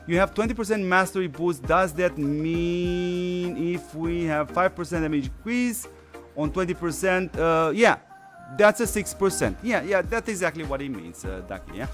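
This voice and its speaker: Brief: male gaming host, losing his voice, loose rambling delivery, slightly high voice, faint background music. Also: a bit bright. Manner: rambling, many fillers and restarts. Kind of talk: casual stream commentary.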